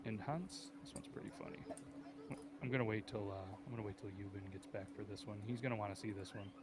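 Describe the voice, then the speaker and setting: A man hosting a casual podcast, chatting in a relaxed, laid-back way with his co-hosts. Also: lowish voice, fast talker, heavy background noise. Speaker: podcast host.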